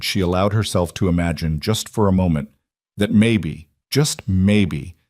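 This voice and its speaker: A man narrates a frontier story with a steady, dramatic pace. His voice sits on the low side. It is recorded close and dry, with no room sound. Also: no room sound.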